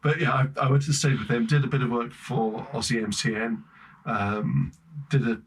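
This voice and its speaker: A man with an English accent, a podcast guest telling travel stories in lively casual chat, laughing often. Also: mid-range voice, normal speed, background noise. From Britain. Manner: animated storyteller, laughing often.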